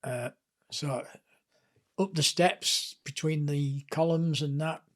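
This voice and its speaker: Taking his time, an older English man from Lancashire tells anecdotes in a slightly high voice during a podcast interview where he appears as a guest author. The tales are lively and chatty, and he's happy to make himself the joke.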